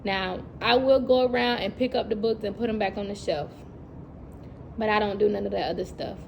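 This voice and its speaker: A young woman, a teacher talking in a casual vlog, animated and chatty, laughing often and acting out classroom moments. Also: mid-range voice, a little fast, creaky, slight background noise. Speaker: teacher and vlogger.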